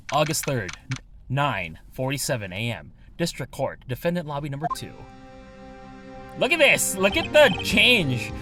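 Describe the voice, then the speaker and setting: A chatty man giving let's-play commentary, joking and rambling with frequent fillers. His pitch moves lively up and down, and music plays behind him. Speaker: game channel host.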